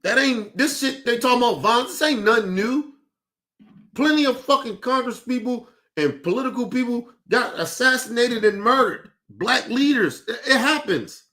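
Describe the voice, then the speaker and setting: Heated, cursing man with a high voice. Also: lively intonation, moderate pace, pushed and bright. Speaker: podcast host. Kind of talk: profane rant on a talk show.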